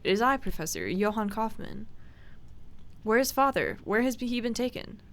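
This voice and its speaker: Brief: woman voicing a grave male doctor in a game, formal, measured delivery, near her own voice. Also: on the high side, expressive, gravelly, a bit bright. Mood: earnest.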